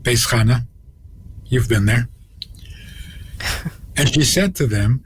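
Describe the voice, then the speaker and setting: A male rabbi tells a story on the radio at an unhurried pace, leaving long pauses between phrases. His voice sits at an ordinary middle pitch, with a faint hiss of noise behind it. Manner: slow, deliberate storytelling with pauses and acted quotes. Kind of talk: storytelling talk on a radio program.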